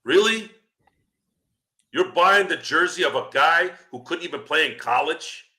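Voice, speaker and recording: Bright-voiced ranting male podcast host. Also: lively intonation, unhurried. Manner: angry, profane, swings from low growl to loud outbursts. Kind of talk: profane ranting commentary.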